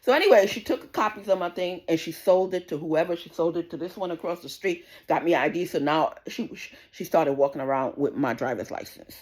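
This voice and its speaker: Vlogger type: a fired-up New woman, lower-pitched, repeats herself and swears as she vents. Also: fairly quick, hardly any pauses. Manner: indignant, swearing, repetitive storytelling. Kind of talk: casual rant to camera.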